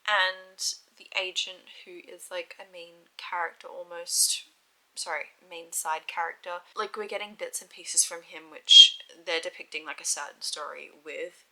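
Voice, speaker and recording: A woman's voice: on the low side, pushed and bright, poor audio. A young woman chatting frankly in a casual reading vlog, full of "like" fillers. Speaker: book vlogger.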